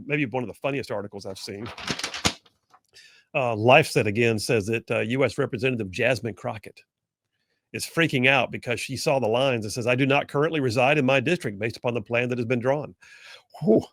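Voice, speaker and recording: A man's voice: medium pitch, brisk, a bit bright, no echo. A man hosting a political talk show, delivering sarcastic commentary and mocking opponents in whiny put-on voices.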